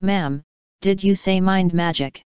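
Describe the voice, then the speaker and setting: A woman's voice: on the low side, takes it slowly, darkish tone, clear, resonant tone, no echo, muffled recording. A woman voicing a polite male guard who answers respectfully and deferentially.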